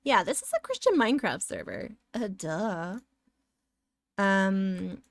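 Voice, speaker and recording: A woman's voice: medium pitch, very animated, takes it slowly, no echo. A woman streamer chatting playfully and sassily with her viewers while she draws, giggling often. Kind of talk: casual live-stream chat while drawing.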